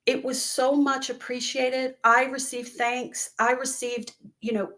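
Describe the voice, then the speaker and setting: A woman's voice: sits high, fairly even intonation, a little slow, a bit bright. A woman who founded a relief charity, answering interview questions in an earnest, heartfelt way and acting out the words of people she quotes. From northwest North Carolina. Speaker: guest, business owner and charity founder. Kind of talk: interview answers, personal storytelling.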